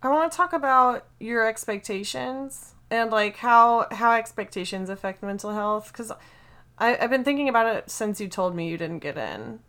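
A woman's voice: a little high, expressive, normal speed, fairly bright tone. A woman hosting a casual conversation, teasing her guest and laughing often. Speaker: podcast host. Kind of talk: casual chat.

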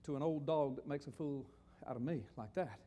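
A man's voice: on the high side, brisk, mellow, pitched below the performer's own voice, lightly acted. A man voicing an angry male leopard in a spoken joke, grumbling and menacing. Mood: vengeful.

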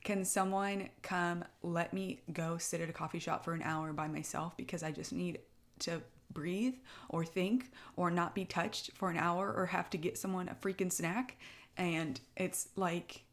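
Here a young military spouse co-hosting a podcast chats casually and emotionally, tearing up and rambling with lots of fillers in a heartfelt conversation. Her voice is lowish, its intonation fairly even, and her pace a little slow.

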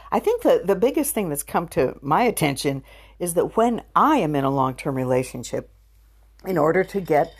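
A woman's voice: lowish voice, husky. A woman vlogger chatting candidly to her viewers in a frank, casual way, with sighs and laughs. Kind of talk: casual chat to camera.

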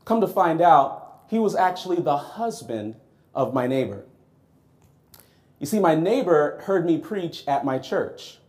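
Guy preaching, telling a story from his life, chatty and animated, voice a bit on the high side. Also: a little slow. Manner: lively, conversational, acts out his own reactions. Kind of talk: storytelling sermon.

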